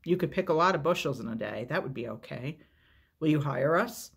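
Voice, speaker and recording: A man's voice: fairly high pitch, expressive, brisk, creaky, a bit bright, slightly rough, heavily acted. A man voicing an earnest teenage girl. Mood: earnest, pressing. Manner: earnest, anxious, pressing. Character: determined teenage girl, eldest sister.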